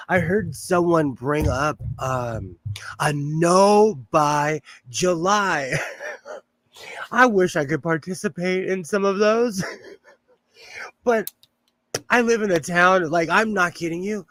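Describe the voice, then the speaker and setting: A man's voice: a little high, fairly bright tone. A man chatting casually on his sewing livestream from his home sewing room, rambling and laughing often. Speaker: livestream host.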